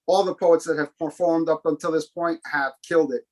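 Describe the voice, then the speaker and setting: Man, poet, open mic reading, video call, calm measured delivery, english and spanish. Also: fairly high pitch, poor audio. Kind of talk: poetry reading.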